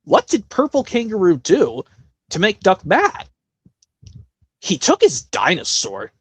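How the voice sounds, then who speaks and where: A man imitating a patient, friendly male host of a children's show, talking slowly and gently. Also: high-pitched, huge pitch swings, husky, no echo, heavily acted. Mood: gentle.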